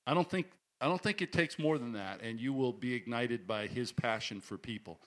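A man's voice: mid-range voice, moderate pace. A man, the church's pastor, introducing a guest preacher with enthusiastic praise and fillers.

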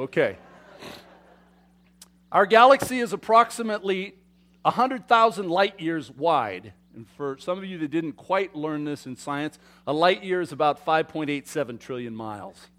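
A man preaching a sermon to his congregation, swinging between loud emphatic declarations and quiet asides, often asking them questions. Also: fairly high pitch, animated, normal speed. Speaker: pastor. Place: church sanctuary.

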